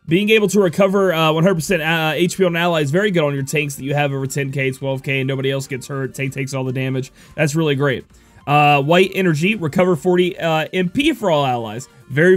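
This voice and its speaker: A man's voice: fairly high pitch, no echo. A young man with a sniffly cold, casually reviewing a mobile game, rambling with lots of fillers as he reads out ability text. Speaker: gaming YouTuber.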